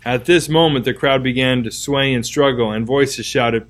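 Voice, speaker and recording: A man reading a classic novel aloud as narrator, in a measured, dramatic storytelling manner. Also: medium pitch.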